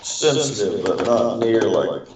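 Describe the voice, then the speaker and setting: A man speaks in a plain, matter-of-fact way, with a voice a little on the low side. He sounds distant from the mic, with strong echo around him. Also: lively intonation, slow pace, a little mellow, a little hiss or hum. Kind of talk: casual chat. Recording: roomy, distant call audio.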